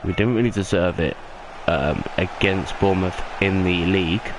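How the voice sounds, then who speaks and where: A young man doing excitable play-by-play football commentary over a video game he is playing. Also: normal speed, background noise. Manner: excitable play-by-play, rising in pitch on big moments. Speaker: gaming YouTuber.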